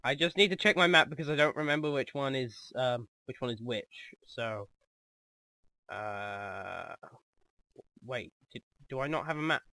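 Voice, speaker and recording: A man hosting a let's play, commenting excitedly on the game, joking and laughing easily. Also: medium pitch, unhurried, no room sound.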